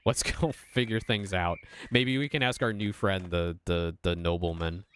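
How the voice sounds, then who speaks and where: A man's voice: sits low, steady tone, unhurried, fairly bright tone, slight background noise. A man streaming a game, chatting casually and swearing freely. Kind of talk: casual gaming commentary.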